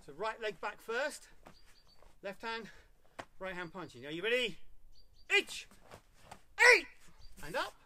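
A man teaching a live online karate class, calling counts and short commands between calm explanations. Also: high-pitched, normal speed, a little hiss or hum. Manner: barks counts loudly, coaching in short commands. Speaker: karate instructor.

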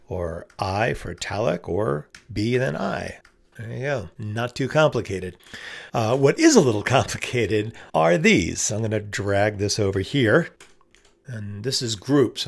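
A man, a business coach, talking casually through a screen-share design tutorial, thinking aloud with frequent fillers. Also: mid-range voice.

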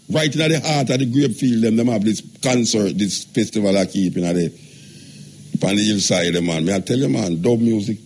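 Husky-voiced Jamaican radio host. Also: male voice, medium pitch. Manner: relaxed, joking, speaks in patois. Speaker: radio talk show host. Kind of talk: casual call-in radio talk.

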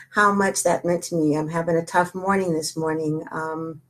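A woman over forty hosting a casual live video chat, heartfelt and chatty, laughing often and pausing to find her words. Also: sits low, fairly even intonation, rough recording. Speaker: wellness group host.

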